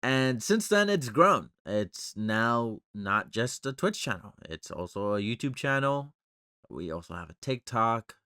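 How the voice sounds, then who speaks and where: A man's voice: medium pitch, sing-song, measured pace, bright, forceful tone, clean tone, no room sound, studio quality. A man hosting his own podcast, rambling and joking about himself in a casual monologue. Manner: rambling, joking and self-deprecating. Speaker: podcast host.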